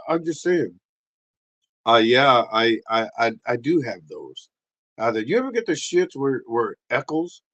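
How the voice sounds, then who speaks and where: A man hosting a livestream, rambling through a crude comic rant, acting out little voices and bursting into shouts. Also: on the high side, dull audio. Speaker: livestream host.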